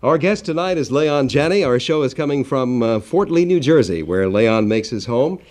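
A male host leads a radio interview in a halting way. He often pauses to fill gaps with uhs. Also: medium pitch, expressive, a little mellow. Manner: hesitant, many ums.

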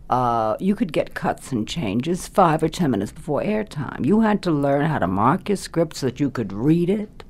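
An older woman who once acted on radio reminisces during an interview conversation, telling stories with animation and laughing easily. She has a deep voice.

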